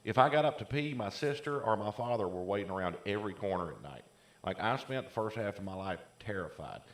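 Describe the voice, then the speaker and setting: A man's voice: on the low side, animated, a little fast, echoey room. A man co-hosting a casual chat podcast, telling long rambling stories full of "like" fillers. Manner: rambling storyteller, many "like" fillers. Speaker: podcast co-host.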